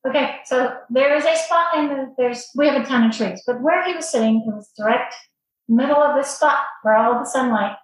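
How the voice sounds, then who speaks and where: A woman guest on a podcast telling her personal story in an animated, emotional way, with frequent restarts. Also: sits high, a little fast. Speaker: guest, former client. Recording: strong room echo.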